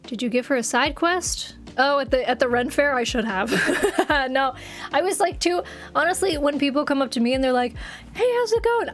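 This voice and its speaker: A woman streamer chatting casually with her viewers, giggling often and getting excited as she reads the chat. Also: high-pitched. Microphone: desk microphone.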